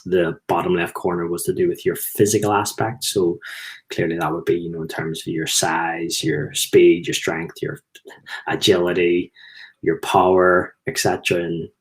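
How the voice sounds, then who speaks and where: A man's voice: low-pitched, flat delivery, moderate pace. A middle-aged man with a Belfast accent, telling rambling anecdotes in a casual talk to camera. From Belfast, Northern Ireland. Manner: rambling, anecdotal, chuckles at own stories. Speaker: host, former footballer.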